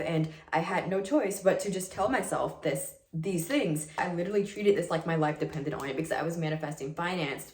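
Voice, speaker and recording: Earnest low-voiced young woman vlogging. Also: reverberant. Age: early 20s. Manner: earnest and emphatic, heavy use of "like". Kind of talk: casual personal storytelling to camera.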